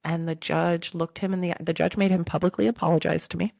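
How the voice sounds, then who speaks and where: A woman's voice: fairly low pitch, flat delivery, quick pace, vocal fry, a little mellow, no room sound. A woman in her thirties hosting a podcast, telling a personal story earnestly and speaking directly to her listeners. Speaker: podcast host. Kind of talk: candid podcast chat.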